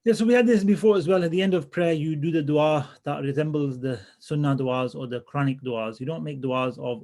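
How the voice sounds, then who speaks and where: A man teaching a religious class in a relaxed, conversational way, often restarting his sentences as he thinks aloud. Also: medium pitch, a little fast, hardly any pauses. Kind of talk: casual classroom lesson.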